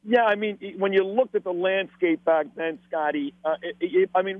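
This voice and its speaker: On dry, tinny phone-line audio without room sound, a middle-aged Brooklyn radio host with a Brooklyn accent tells casual, blunt, and profane stories with emphasis as a podcast guest. He speaks high-pitched and fairly quickly, barely pausing.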